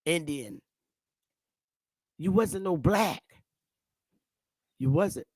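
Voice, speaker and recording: Animated Northern US woman, blunt talk. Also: lowish voice, very slow, husky, no room sound. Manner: animated, blunt, swears freely. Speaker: channel host. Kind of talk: casual commentary.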